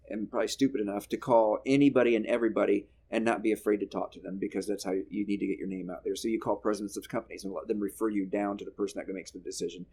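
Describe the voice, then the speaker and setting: A man hosting a podcast, telling stage stories in casual chat and laughing loudly at his guest. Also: on the low side, creaky. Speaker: podcast host.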